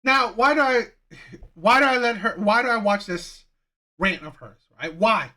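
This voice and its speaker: A man's voice: high voice, measured pace, pushed and bright. A man hosting a reaction channel, ranting heatedly with frequent profanity and repeated phrases. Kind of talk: reaction commentary rant.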